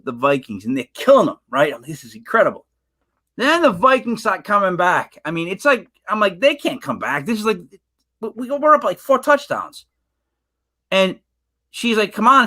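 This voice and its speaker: High-voiced animated male podcast co-host. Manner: animated storyteller, acts out quotes. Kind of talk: casual sports chat.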